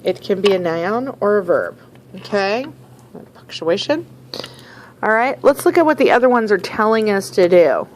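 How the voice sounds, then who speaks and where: A woman teacher explaining a dictionary worksheet in a patient, step-by-step way. She pauses often to check that her students are following along. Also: medium pitch, animated, a little hiss or hum, rough recording. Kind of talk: classroom dictionary lesson.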